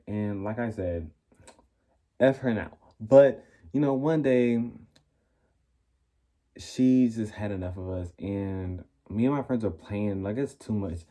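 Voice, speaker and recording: A young man vlogging, telling a school story in a casual, sassy, animated way and acting out what people said. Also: lowish voice, slow, pauses often. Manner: animated, sassy, acts out quoted lines.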